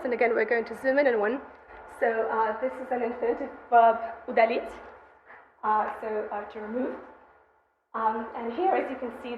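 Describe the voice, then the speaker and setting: A woman's voice: a little high, dull audio, slight background noise. Woman presenting research with a roomy echo. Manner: measured explaining with frequent "uh" and "um" fillers, pointing to figures. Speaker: conference presenter. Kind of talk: academic conference talk walking through slides.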